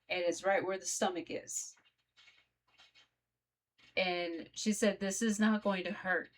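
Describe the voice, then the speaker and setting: A woman vlogger telling her own story in a casual, conversational way, talking straight to her viewers. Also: on the low side. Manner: conversational, addresses viewers directly.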